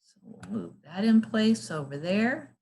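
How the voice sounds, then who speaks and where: A woman teaching a phonics lesson to young children, sounding out letters and words slowly and praising often. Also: medium pitch, expressive, vocal fry, a little mellow.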